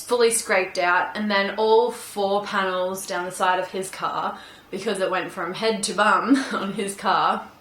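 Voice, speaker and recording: A woman's voice: mid-range voice, pushed and bright, reverberant, slight background noise. A young woman telling a casual storytime to her camera, chatty and full of "like" and "um" fillers. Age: young adult. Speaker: vlogger.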